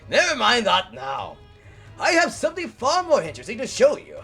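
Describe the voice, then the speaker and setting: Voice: mid-range voice, huge pitch swings, vocal fry, a bit bright, husky, pitched above the performer's own voice, exaggerated voice. A streamer voicing a flamboyant, grandiose male detective while reading game dialogue aloud, faint game music behind. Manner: pompous, drawn-out flourishes.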